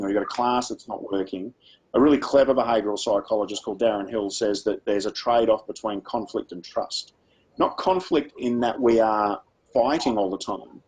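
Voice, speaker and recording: A man's voice: on the low side, darkish tone, husky, rough recording. A man with an Australian accent leading a workshop for teachers, speaking in a conversational, practical way and using personal stories. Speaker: education speaker.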